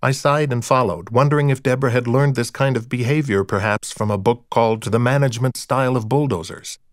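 A man narrating a first-person audiobook in a dry, wry, deadpan manner. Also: medium pitch, brisk, dry recording.

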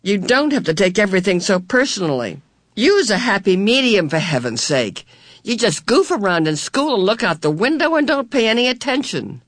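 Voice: medium pitch, big pitch swings, moderate pace, a bit bright, no echo, voice pushed up. A confident, bossy schoolboy twin, as a reader puts him on. He talks bluntly and teases. The recording is dry and close.

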